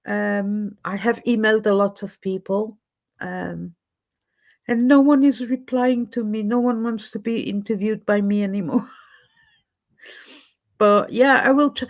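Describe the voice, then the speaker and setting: Woman chatting on her livestream, slowish and slightly high, lots of ums and restarts. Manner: unhurried, many fillers and restarts, chatty. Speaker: livestream host. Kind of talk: casual live chat. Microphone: computer mic on a livestream.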